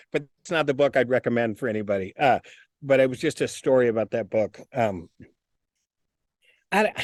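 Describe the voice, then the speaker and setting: A man in a casual interview, telling stories in an animated, profane way and repeating his words. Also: on the high side, no echo, clean studio sound. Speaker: interview guest.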